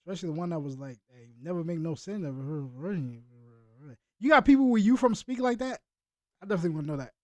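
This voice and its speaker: Man, high lively voice, slangy casual chat, dry close mic. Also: quick pace, no room sound. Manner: slangy, animated, chatting with live viewers. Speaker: reaction streamer.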